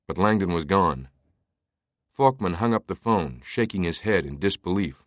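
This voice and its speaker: A man narrating an audiobook in a steady, even tone. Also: sits low, moderate pace, no room sound, clean studio sound. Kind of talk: scripted narration.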